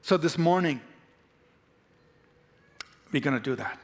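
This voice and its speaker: A man's voice: a little high, expressive, takes it slowly, slight background noise. A pastor preaching a sermon, leading his congregation in repeated declarations with emphatic call-and-response. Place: church sanctuary.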